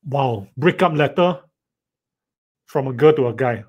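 A man's voice: mid-range voice, animated, a little slow, pauses often, a little mellow, husky. A man teaching a live online writing lesson, reading students' sentences aloud and teasing them playfully. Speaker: writing tutor.

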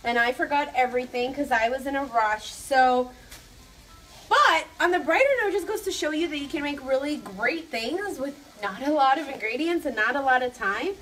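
A woman's voice: high-pitched, moderate pace, fairly bright tone, faint music behind. A young adult woman hosting a live cooking demonstration, chatty and upbeat, talking straight to her viewers. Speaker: cooking show host.

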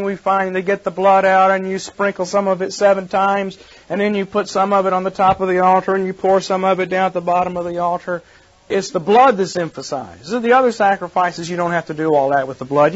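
High-voiced man teaching a Bible class. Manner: explanatory, asks the class questions. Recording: dull lo-fi archive recording.

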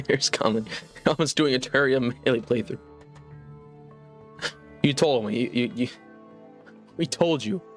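A man's voice: mid-range voice, a little slow, long pauses, soft background music. A young man streaming live from home, ranting in mock outrage with lots of exasperation.

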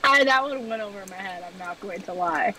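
A woman streamer chatting casually over a game, joking in a playful, deadpan way. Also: mid-range voice, brisk, far from the mic, slight background noise, low-quality recording. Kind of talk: casual gameplay chat.

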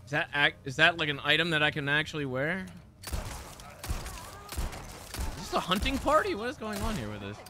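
Bright, animated man commentating a game. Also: on the high side, fairly quick, pauses often, slight background noise. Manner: profane, laughs often, incredulous. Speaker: gaming streamer. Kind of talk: gameplay commentary.

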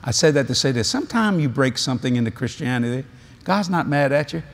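A man's voice: medium pitch, expressive, fast talker. A male preacher delivering a convention sermon, telling stories animatedly with laughs and asides.

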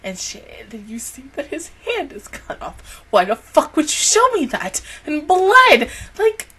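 A woman's voice: high-pitched, sing-song, a little slow, sharp tone. A young woman hosting an anime reaction channel, talking casually and emotionally, swearing often as she reacts.

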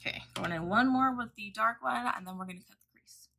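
A woman's voice: mid-range voice, fast talker, gravelly, pushed and bright, rough recording. A woman vlogger talking through a makeup tutorial at home, chatty and profane as she tells a story. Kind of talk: casual makeup tutorial chat.

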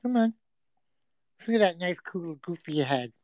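A loud, crude woman chatting on a casual livestream from inside a home. She teases and swears freely in brash, playful banter. Her voice sits at an ordinary middle pitch and sounds dry and close, with little room echo. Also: expressive, unhurried. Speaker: livestream host. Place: a friend's home.

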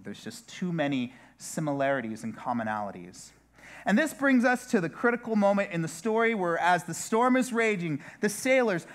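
In a slightly high, somewhat bright voice, a male pastor delivers a sermon conversationally, repeatedly breaking off to address listeners with asides.

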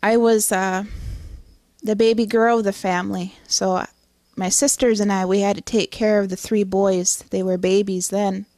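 A middle-aged woman giving an earnest personal testimony, halting, with many restarts and fillers. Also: mid-range voice, flat delivery, darkish tone, no echo, studio quality. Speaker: testimony speaker.

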